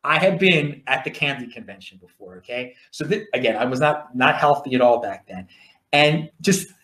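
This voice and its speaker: In a reverberant space, a mid-range male voice with a Baltimore accent moves at a moderate pace. He hosts a podcast as a casual, rambling monologue, lively and full of repeated restarts and wisecracks.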